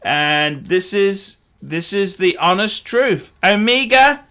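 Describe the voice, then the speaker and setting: A man's voice: high-pitched, animated, slow pace, pushed and bright, smooth. A middle-aged man with an Australian accent, ranting in a commentary vlog, sardonic and scornful, repeating his catchphrases. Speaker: watch dealer.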